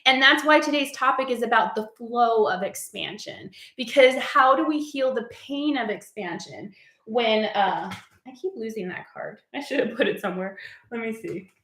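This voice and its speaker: A woman's voice: a little high, animated, normal speed, fairly bright tone. A woman giving a heartfelt spiritual message in a casual, earnest way, peppered with "like". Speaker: spiritual coach. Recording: echoey room.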